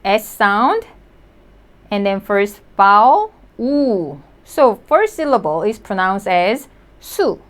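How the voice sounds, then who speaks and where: Slow, lively-pitched woman teaching vocabulary. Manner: sounds out syllables slowly and repeats words. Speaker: Korean language teacher. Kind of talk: slow, clear vocabulary lesson.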